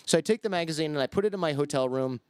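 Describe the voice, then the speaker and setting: A man guesting on a podcast, telling stories in a casual, animated way and acting out the quoted voices. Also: a little high, rapid-fire, clear, resonant tone, no echo, studio quality. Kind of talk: casual storytelling.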